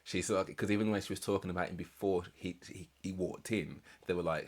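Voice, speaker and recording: Man, very low voice, rambling reaction commentary, reflective. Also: fairly even intonation, fairly quick. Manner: reflective, rambling, many fillers and restarts. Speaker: reaction channel host.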